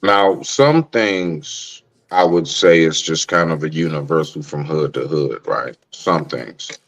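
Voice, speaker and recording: A man's voice: a bass voice, slow pace. A man on a casual podcast, questioning other hosts and laying out his own view. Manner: incredulous, questioning, then explaining. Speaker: podcast co-host.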